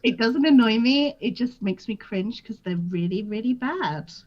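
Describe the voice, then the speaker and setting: A woman's voice: fairly high pitch, animated, moderate pace, lo-fi sound. A woman chatting as a guest on a livestream. She talks frankly and jokes at her own expense, with a lot of fillers. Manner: frank, self-deprecating, full of fillers. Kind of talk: casual chat on a livestream.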